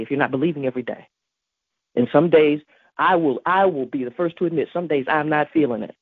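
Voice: mid-range voice, breathy edge, no echo. A podcast host giving an emphatic devotional teaching on prayer, repeating key phrases. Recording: tinny phone-like dry recording.

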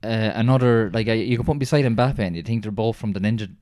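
A man's voice: lowish voice, quick pace, a little mellow, dry recording. Teasing Irish man in casual banter. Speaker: podcast co-host. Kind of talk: casual chat.

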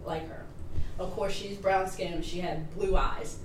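A woman's voice: lowish voice, measured pace. A middle-aged woman, a mother, chatting as a guest on a podcast, telling stories bluntly and swearing freely. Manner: blunt, expressive storyteller who swears freely. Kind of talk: casual chat. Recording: echoey room, distant from the mic, noisy.

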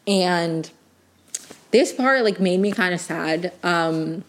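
A woman's voice: fairly low pitch, measured pace. Rambling young woman reviewing a show. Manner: rambling, many "like" fillers and restarts; gushing, emotionally invested. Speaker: TV review vlogger. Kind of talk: casual chatty review.

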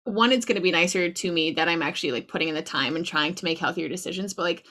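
A woman's voice: lowish voice, quick pace, sharp tone. A woman co-hosting a podcast, chatting candidly and poking fun at herself. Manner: self-deprecating, candid, laughs often. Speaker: podcast co-host. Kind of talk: casual chat.

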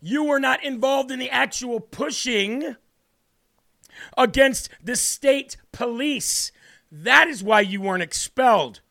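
High-pitched sarcastic male commentary host. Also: slow pace, gravelly, bright, forceful tone. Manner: sarcastic, laughs often, scornful asides. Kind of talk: mocking political commentary.

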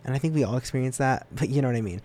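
A young man talks through a casual solo podcast episode in a loose, rambling way. He teases himself and often jumps up high in pitch, then drops back to his middle-range voice. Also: rapid-fire. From United States. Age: young adult. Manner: rambling and self-deprecating, with lively jumps in pitch. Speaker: student podcast host.

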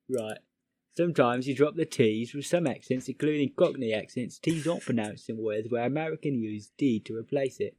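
A man's voice: medium pitch, a little mellow. Man stumbling through a guide aloud. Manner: stumbling, halting reading with restarts. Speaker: friend reading a pronunciation guide aloud. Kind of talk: casual reading aloud among friends.

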